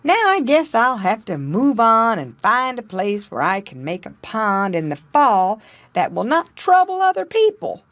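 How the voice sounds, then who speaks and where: Kindly male beaver for a storybook, raised lively voice, played by a woman. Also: on the high side, unhurried, no room sound, pitched above the performer's own voice, full character voice. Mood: friendly. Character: friendly easygoing male beaver.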